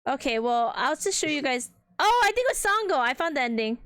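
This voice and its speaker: A woman hosting a podcast in casual chat, quick to laugh and tease while watching a game. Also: high-pitched, very animated, fairly bright tone. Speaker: podcast host.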